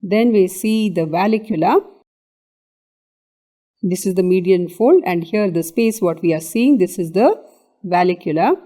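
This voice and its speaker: A woman's voice: on the low side, animated, measured pace, long pauses, warm tone. A woman with an Indian English accent giving an exam revision lecture on anatomy, explaining step by step and often checking in with "okay".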